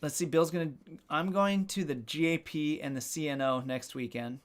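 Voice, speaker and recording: A livestream host with a slightly high voice talks at a moderate pace, chatting casually with viewers. He reads their comments with joking, self-deprecating humor and swears now and then.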